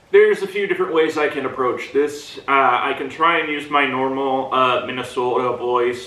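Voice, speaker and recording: A man giving a casual movie review to a camera, talking in halting bursts with many fillers and pauses, and swinging his pitch between low and high in play. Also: steady tone, bright, forceful tone, distant mic. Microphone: camera mic at a distance. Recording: roomy echo, mic set back.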